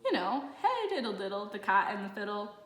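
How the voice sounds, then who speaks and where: A woman voicing a shy little boy who speaks quietly. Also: mid-range voice, very animated, brisk, echoey room. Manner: quiet, hushed.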